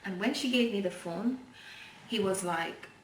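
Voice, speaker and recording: A woman's voice: medium pitch, measured pace. Chatty young woman telling her story. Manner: chatty, digressive, many fillers and restarts. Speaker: vlogger. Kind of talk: personal storytelling vlog. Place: indoor room, filmed by a helper. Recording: roomy and distant from the mic, faint background noise.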